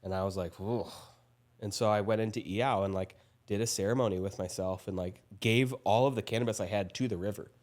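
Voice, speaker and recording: Laid-back young man, lower voice. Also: steady tone, brisk, darkish tone. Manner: laid-back, lots of "like" and "bro", acts out quotes. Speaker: podcast host. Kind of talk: casual podcast conversation.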